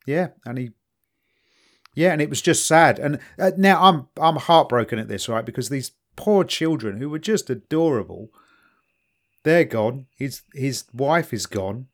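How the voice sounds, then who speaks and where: Lively-pitched man in banter. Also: a little slow. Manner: expressive, self-mocking banter, swears casually. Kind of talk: casual chat.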